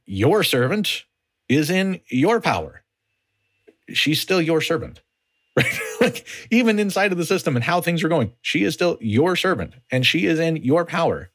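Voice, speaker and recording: Male podcast Bible teacher, mid-pitched and very lively in his rise and fall, casual verse-by-verse explainer. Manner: animated, conversational explaining with frequent restarts. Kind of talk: conversational Bible study teaching. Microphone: podcast microphone.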